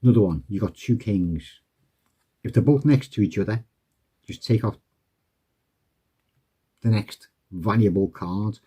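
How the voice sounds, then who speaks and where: Man, card tutor, rambling friendly patter, dark husky low voice. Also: unhurried, pauses often, highs cut off. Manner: chatty, rambling, acts out patter with spectators. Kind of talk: casual tutorial walkthrough.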